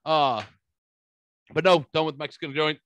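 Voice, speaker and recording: A man's voice: fairly high pitch, steady tone, normal speed, a bit bright, clean tone, highs cut off. A man hosting a podcast, telling a rambling story with lots of swearing and fillers. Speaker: podcast host. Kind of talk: casual storytelling chat.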